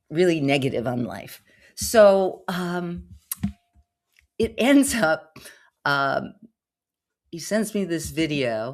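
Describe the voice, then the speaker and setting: Low-voiced chatty woman telling a story. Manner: chatty and rambling, many fillers and asides. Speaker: podcast host. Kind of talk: casual storytelling monologue.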